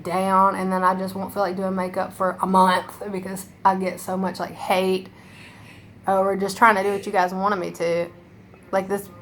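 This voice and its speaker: A woman's voice: mid-range voice, gravelly, a bit bright, slight background noise. A young woman talking to camera as a makeup vlogger, rambling and emotional, filling her talk with "like" and swearing. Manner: rambling, emotional, heavy use of "like" and profanity. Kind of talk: casual rambling monologue to camera.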